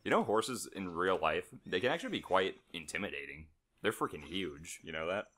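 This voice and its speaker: A man's voice: sits low, big pitch swings, brisk, fairly bright tone. A man co-hosting a let's play, teasing and laughing in casual banter.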